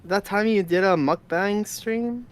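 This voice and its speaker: A woman's voice: medium pitch, measured pace, soft background music. A woman chatting casually on a stream, teasing and giggly. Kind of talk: casual chat.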